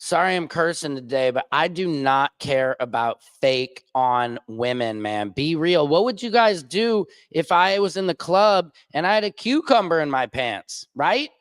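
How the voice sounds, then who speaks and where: A man hosting a livestream and talking in a crude, rambling, profane way, with big swings in pitch. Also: expressive, measured pace, hardly any pauses, fairly bright tone, clean tone, no room sound, studio quality. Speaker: streamer host. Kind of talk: casual livestream monologue.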